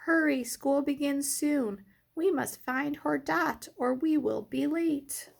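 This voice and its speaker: A woman voicing the capital letter T, a brisk teacher, in a storybook read-aloud. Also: a little high, vocal fry. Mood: urgent.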